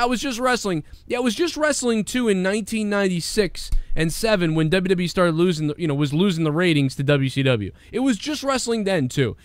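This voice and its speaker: A man co-hosting a casual review chat, ranting and mocking with shouted impressions. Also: high-pitched, no room sound. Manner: animated, mocking impressions, swearing. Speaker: co-host. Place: room with glowing lights behind.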